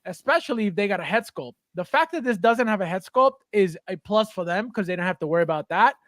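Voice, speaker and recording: A man's voice: sits high, lively intonation, quick pace, a bit bright, dry recording, clean studio sound. A man hosting a casual podcast chat about collectible figures, chatty and thinking aloud with fillers. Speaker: podcast host.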